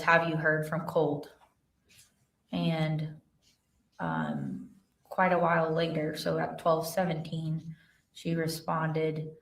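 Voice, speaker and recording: Low-voiced woman testifying from a distant witness stand. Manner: plain, steady reading with fillers. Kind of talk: courtroom testimony, reading texts aloud. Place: courtroom. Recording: roomy courtroom audio from far off.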